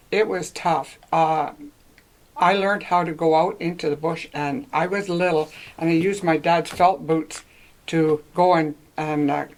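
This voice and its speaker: Rambling through memories in a relaxed oral-history interview, a northwestern Ontario woman in her seventies laughs frequently. She has a low, slightly mellow voice, captured on a low-quality recording.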